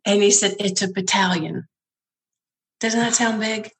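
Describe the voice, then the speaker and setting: A woman's voice: medium pitch, fairly even intonation, measured pace, fairly bright tone. A woman who founded a nonprofit, telling her story in a conversational interview, laughing often and acting out the people she quotes.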